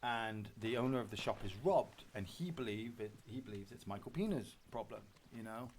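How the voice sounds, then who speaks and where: A male streamer chatting casually while gaming, retelling a film scene with animated emotion. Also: fairly low pitch, normal speed, noisy background.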